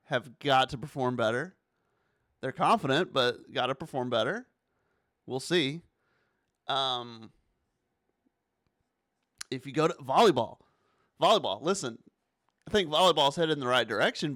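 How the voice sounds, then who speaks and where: A man hosting a sports talk show, chatting casually and animatedly, sometimes rising to exasperated near-shouts. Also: mid-range voice, dry recording, studio quality. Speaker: sports podcast host.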